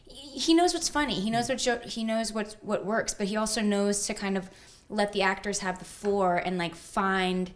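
Chatty giggly actress. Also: female voice, mid-range voice, moderate pace. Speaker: actress guest. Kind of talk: casual interview chat.

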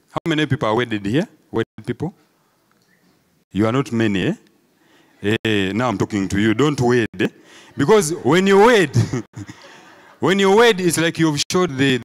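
Ugandan guy doing stand-up, animated storytelling, keeps throwing "eh?" at the crowd, mid pitch. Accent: Ugandan English. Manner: animated storytelling, acts out crowd voices, peppered with "eh?". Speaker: stand-up comedian. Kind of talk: stand-up comedy set. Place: live comedy show before an audience.

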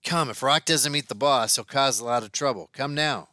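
A man voicing an urgent business partner who talks in a hurried, pressing way. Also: mid-range voice, pushed and bright, dry recording, studio quality, close to an everyday voice.

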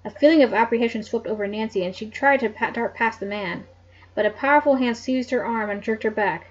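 A woman's voice: a little high, fairly quick. A woman reading a mystery novel aloud at home, adding chatty, joking asides between passages, on a dull lo-fi mic. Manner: chatty asides, laughs at the story. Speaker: narrator.

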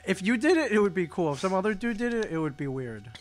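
A man co-hosting a podcast in loose, casual chat. He jokes, teases his co-host and rambles through stories, with a voice a little higher than most men's. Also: big pitch swings, fast talker. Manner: joking, rambling, teasing.

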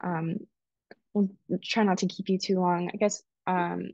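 A woman interviewing a guest, soft-spoken and hesitant with many fillers. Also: fairly low pitch, little pitch movement, measured pace, creaky, no echo, muffled recording. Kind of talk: casual interview.

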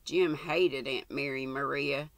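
An older woman reading a novel aloud, slow and deliberate, with chatty asides. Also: extremely low pitch, fairly even intonation, dry recording. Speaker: audiobook reader.

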